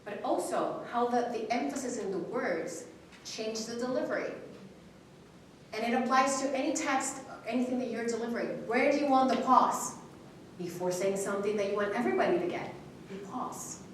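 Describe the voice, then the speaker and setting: A woman teaching public speaking at a live seminar, coaching a student and modeling an expressive reading with pauses and emphasis. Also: on the high side. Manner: encouraging, expressive, demonstrates dramatic reading. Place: university hall seminar. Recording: very echoey hall from far off, faint noise.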